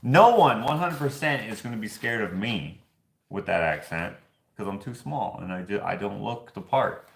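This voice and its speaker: A man's voice: fairly low pitch, lively intonation, moderate pace, creaky. A man hosting a casual chat, telling rambling stories and laughing at his own jokes. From Canada. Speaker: show host. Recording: echoey room.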